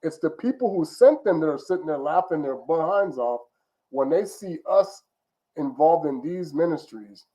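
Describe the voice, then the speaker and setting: A man's voice: on the high side, animated, normal speed, warm tone, rough recording. A man giving an informal religious teaching in an emphatic, repetitive, conversational way. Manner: emphatic, repetitive, conversational, often restarts phrases. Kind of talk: informal preaching monologue.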